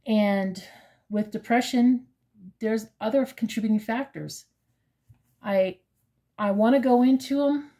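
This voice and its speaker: A woman in her fifties, talking in a casual personal vlog with a hesitant, halting manner full of fillers, earnest and openly emotional. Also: a little high, dark tone. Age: 50s. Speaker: crochet vlogger.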